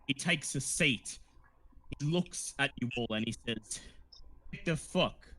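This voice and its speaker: Bright-voiced man running a tabletop game. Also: medium pitch, measured pace. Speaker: game master. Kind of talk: narrating a tabletop horror game.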